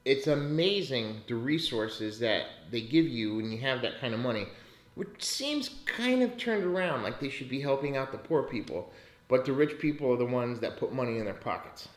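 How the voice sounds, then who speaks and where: A man's voice: mid-range voice, lively intonation, normal speed, reverberant. A man hosting a casual podcast about money, talking bluntly and ranting with lots of swearing. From United States. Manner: profane and blunt, rants in bursts. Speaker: podcast host.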